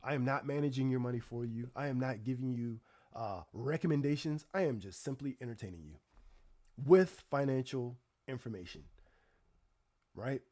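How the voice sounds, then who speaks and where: Male streamer, casual chat, animated storytelling, exasperated asides, medium-pitched voice. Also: moderate pace. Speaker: livestream host.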